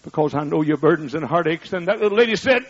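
Husky older preacher, shouting then hushed. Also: male voice, on the high side, animated, fast talker. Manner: swings from shouting to hushed storytelling. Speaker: pastor. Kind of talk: sermon. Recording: muffled, lo-fi.

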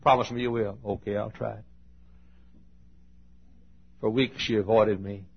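Gravelly preacher man telling folksy stories. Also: fairly low pitch, fairly even intonation, measured pace, lo-fi sound. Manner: folksy, swings from loud to hushed. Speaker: pastor. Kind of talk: sermon storytelling.

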